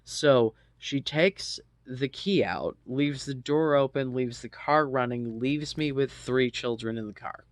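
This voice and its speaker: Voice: mid-range voice, unhurried, hardly any pauses, dry recording. An adult in their thirties casually telling a personal story, rambling with lots of ums and asides and swearing freely.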